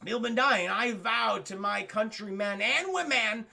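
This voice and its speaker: A man's voice: high-pitched, a little slow, creaky, sharp tone, exaggerated voice. An man voicing a brooding, self-important young male student with a dramatic manner. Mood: solemn.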